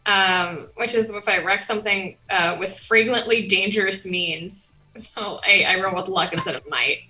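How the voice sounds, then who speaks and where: Bright-voiced playful woman player. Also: medium pitch, moderate pace, soft background music, rough recording. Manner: giggly, hesitant, playful. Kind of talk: casual tabletop play.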